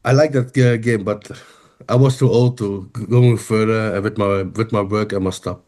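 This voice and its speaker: A middle-aged man from the Netherlands with a Dutch accent, a podcast guest speaking halting English and searching for words. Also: lowish voice, fairly even intonation, warm tone. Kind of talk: casual interview chat.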